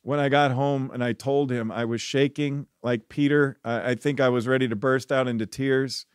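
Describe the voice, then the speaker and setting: A man preaching a devotional sermon as a pastor, telling stories earnestly and dropping his voice softly for the reflective parts. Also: medium pitch, moderate pace, clean tone, no echo, studio quality. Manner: earnest storytelling, rising when animated, dropping soft for reflection.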